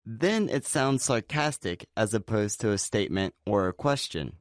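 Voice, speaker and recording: A man co-hosting a scripted pronunciation lesson. His voice sits on the low side, and he explains things clearly and steadily. The sound is dry, with no room around it. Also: animated, moderate pace, dry recording. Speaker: pronunciation teacher.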